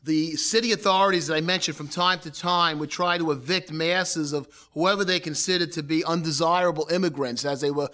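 Guy giving a bible history lecture, bright kinda sharp voice, sits a bit high, chatty and repeats stuff. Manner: conversational, explains and repeats points, reads scripture aloud. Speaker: Bible teacher.

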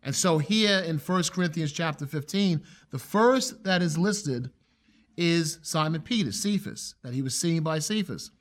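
A man delivers an expository Bible lesson with a slightly high voice. He speaks earnestly and with emphasis, changing his pace to stress certain points. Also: expressive, unhurried. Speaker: preacher.

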